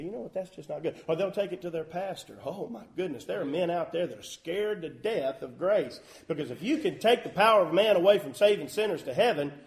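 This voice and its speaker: A man preaching a sermon as a pastor, folksy and emphatic with loud bursts. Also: high-pitched. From Southern US.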